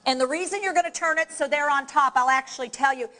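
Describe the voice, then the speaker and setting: Addressing the room from the front of a presentation space, a woman who trains people in dementia care leads a live workshop audience through exercises. She's direct and energetic, speaking fast in a fairly high voice.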